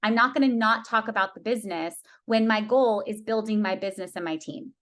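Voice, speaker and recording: A woman's voice: mid-range voice, fairly quick, a bit bright. A woman in her thirties, a team leader telling her team an emotional story in a candid talk, with many restarts.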